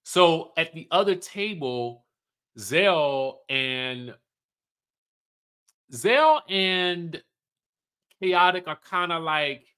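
A man giving a casual, animated recap of a reality TV episode and acting out the cast's lines as he goes. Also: fairly high pitch, very slow, long pauses, clear, resonant tone. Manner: chatty and animated, acts out cast members' lines.

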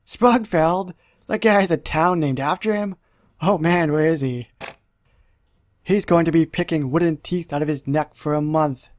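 A man's voice: a little high, a little slow, no room sound, close to an everyday voice. A man reading out a brash, boastful George Washington from a mobile game in a cocky, slangy way, recorded close on a dry mic. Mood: gloating.

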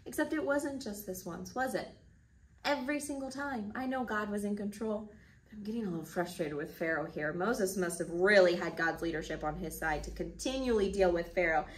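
A woman teaching children, telling a Bible story in an expressive, dramatic way. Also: medium pitch, moderate pace, recorded from a distance, poor audio.

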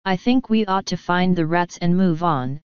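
A woman's voice: lowish voice, normal speed, smooth, no echo, highs cut off, close to an everyday voice. A woman voicing an earnest, cautious young boy in an audiobook, hesitant and worried. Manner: hesitant, worried, plain-spoken. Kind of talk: audiobook character voice.

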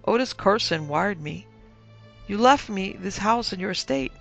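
A man voicing a dutiful, nervous young nephew who talks in a brisk, deferential way. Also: high-pitched, lively intonation, creaky, fairly bright tone, pitched above the performer's own voice, heavily acted. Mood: explaining. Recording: dull lo-fi with faint music.

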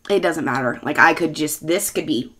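A woman's voice: deep voice, normal speed, background noise. A woman in her thirties, a bartender hosting her own show, rambling casually, swearing often and mocking herself with frequent laughter. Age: 30s.

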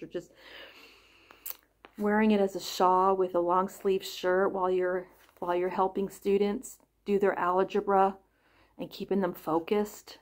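A chatty middle-aged woman talks her way through an unboxing at home. She gushes over every gift and thinks out loud as she goes. Her voice sits at a middling pitch. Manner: gushing, chatty, thinks aloud. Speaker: crochet vlogger. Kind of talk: casual unboxing chat.

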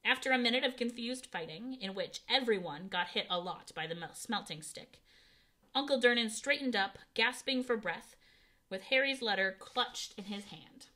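A woman's voice: on the high side, moderate pace, pushed and bright. A woman reading a children's novel aloud, narrating expressively and giving the characters voices. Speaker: audiobook reader.

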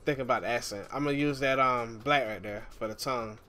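A man casually walking viewers through a game tutorial, relaxed and chatty, often calling the listener "man". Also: medium pitch, a little fast. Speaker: gaming YouTuber.

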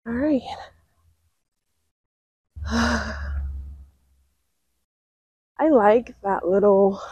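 Young woman vlogger, unhurried and chatty, slightly high husky voice, dry outdoor sound. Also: dark tone, dry recording, rough recording. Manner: chatty, lots of "like" and "um". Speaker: wildlife vlogger. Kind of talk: casual walking vlog narration. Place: outdoor park lake.

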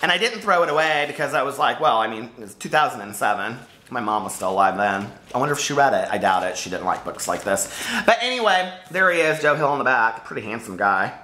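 A man's voice: medium pitch, animated, fast, sharp tone, roomy sound, slight background noise. A man chatting casually and playfully to camera as a book vlogger.

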